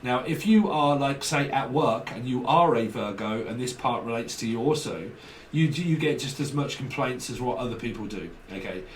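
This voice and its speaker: A man's voice: mid-range voice, lively intonation, moderate pace, far from the mic. A man giving a casual, rambling tarot reading full of jokes, swearing and acted-out scenes. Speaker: tarot reader. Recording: roomy, off-mic, light noise.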